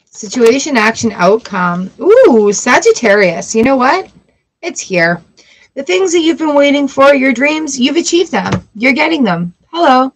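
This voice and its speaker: A woman giving a casual tarot reading, chatty and encouraging, with lively outbursts. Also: high-pitched, a little slow, husky, rough recording. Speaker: tarot reader.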